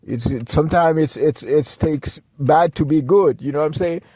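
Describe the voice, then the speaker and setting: A man's voice: on the high side, moderate pace, a little mellow, breathy edge, no echo, clean studio sound. Agitated rambling male podcast host. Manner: agitated, rambling, many restarts and asides. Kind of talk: ranting solo commentary.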